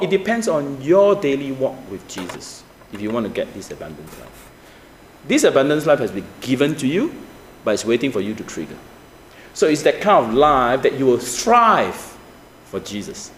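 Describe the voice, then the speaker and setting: A male pastor, preaching with animated swings from high emphatic peaks to low asides, asking the congregation rhetorical questions. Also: brisk, a little hiss or hum. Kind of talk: sermon. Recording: echoey church room with faint ambience.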